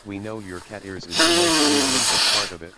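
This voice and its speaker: A woman streamer putting on a deep, gruff mock-male voice to read out viewers' messages in a flat, slow drone. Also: over a noisy crowd. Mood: mock-serious.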